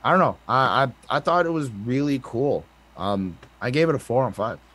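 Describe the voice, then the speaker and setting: A man's voice: mid-range voice, expressive, moderate pace, fairly bright tone, breathy edge. A man co-hosting a casual album review, talking in a hesitant way with many fillers and restarts. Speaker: podcast co-host reviewing an album.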